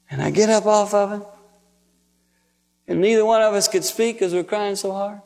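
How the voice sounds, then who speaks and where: Folksy high-voiced preacher man. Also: normal speed. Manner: folksy, emotional, animated storytelling. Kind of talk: sermon storytelling. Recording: long hall reverb.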